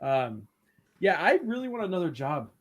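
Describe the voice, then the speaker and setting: A man's voice: high-pitched, very animated, normal speed. A man hosting a casual chat, telling rambling stories with plenty of swearing and acted-out quotes. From Italian heritage. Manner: rambling storyteller, swears freely, acts out quotes. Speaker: podcast host.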